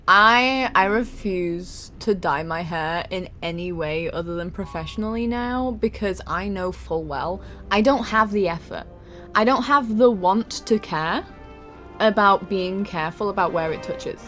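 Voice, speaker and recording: A woman's voice: fairly low pitch, a bit bright. A young adult woman streaming a game, chatting casually with her viewers, laughing often and swearing freely. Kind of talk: casual live-stream chat.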